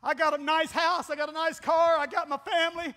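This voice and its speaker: A middle-aged pastor preaching with a very high, bright, piercing voice. His folksy, animated delivery keeps lifting into exclamations, and it rings through a church with a long hall reverb. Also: brisk. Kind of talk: Pentecostal sermon. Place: church sanctuary.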